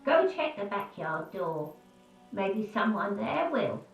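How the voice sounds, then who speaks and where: A woman voicing a suspicious, grumpy elderly woman in a video game, with a sharp, scolding, dismissive manner. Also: medium pitch, very animated, slow, vocal fry, echoey room, distant mic, faint music behind, heavily acted, low-quality recording.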